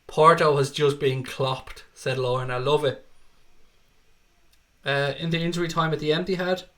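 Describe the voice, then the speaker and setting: An Irish man with a Dublin accent runs a live football watchalong. His voice sits a little higher than most men's. He chats loosely, swears often and reads viewer messages between quick updates on the game. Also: fairly even intonation, a bit bright. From Ireland. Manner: chatty, swears freely, reads viewer comments aloud. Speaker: livestream host. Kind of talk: live match watchalong commentary and chat.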